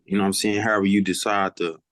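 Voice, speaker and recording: A male student answering in class, halting with fillers and scatting beat patterns to explain. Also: deep voice, level tone, fairly bright tone, dry recording, clean studio sound.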